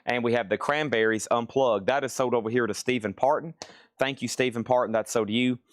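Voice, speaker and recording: A man hosting a live record sale stream, rattling off items and prices in brisk patter with wry asides. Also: medium pitch, dry recording, studio quality. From Tennessee. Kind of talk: live-stream auction calling.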